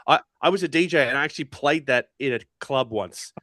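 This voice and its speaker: A man's voice: mid-range voice, brisk, bright, forceful tone, no echo, clean studio sound. A man with an Australian accent, a guest on a podcast, telling stories and chatting with enthusiasm. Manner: chatty, tells anecdotes with enthusiasm. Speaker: wrestling commentator, podcast guest. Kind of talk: casual podcast chat.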